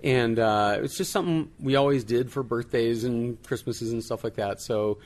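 A man's voice: mid-range voice, moderate pace, a little mellow. A man answering interview questions in a casual, amused way, chuckling and restarting sentences. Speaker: guest, tech journalist.

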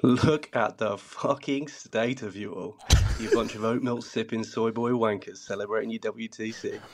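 Guy trash talking on a voice memo, low and taunting. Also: steady tone, moderate pace, noisy background. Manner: taunting, theatrical trash talk. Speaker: listener sending a voice message.

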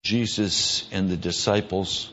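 A man preaching a sermon in an earnest voice, his pitch rising when he stresses a point or acts out a quick exchange. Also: fairly even intonation, fairly bright tone, highs cut off. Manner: earnest, rises in pitch for emphasis and mimicked dialogue.

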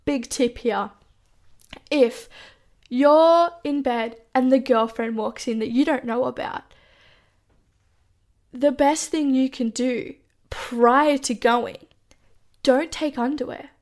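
A woman's voice: sits high, slow, pauses often, a little mellow. A young woman casually telling a personal story, chatty, swearing freely and saying "like" often.

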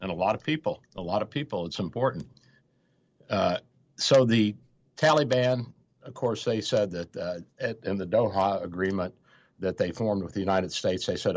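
A man's voice: lowish voice, normal speed, muffled recording. A male radio show host in casual talk, rambling with many hesitations and acting out quotes.

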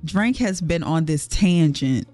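A woman's voice: low voice, expressive, slow, mellow, soft background music. A woman hosting a morning radio show, playful and laughing, reading listener letters on air. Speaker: radio co-host.

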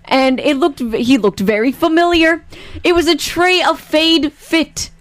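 A woman's voice: high voice, measured pace. Chatty woman radio host. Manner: chatty, teasing, lively storyteller. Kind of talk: morning radio banter.

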